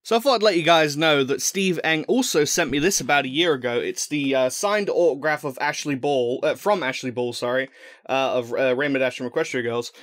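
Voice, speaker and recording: A man's voice: medium pitch, a little fast, fairly bright tone, a little hiss or hum. A young man rambling and joking as he unboxes fan mail at home into a desk microphone, full of fillers and restarts. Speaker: vlogger opening fan mail. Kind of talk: casual unboxing vlog. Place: room at home.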